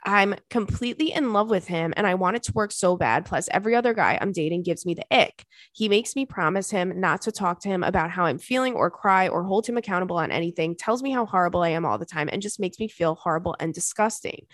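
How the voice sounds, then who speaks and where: A woman's voice: lowish voice, quick pace, few pauses, no echo, studio quality. A young woman hosting a casual comedy podcast, reading listener emails aloud and riffing with swearing and frequent laughter. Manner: animated, swears, laughs often.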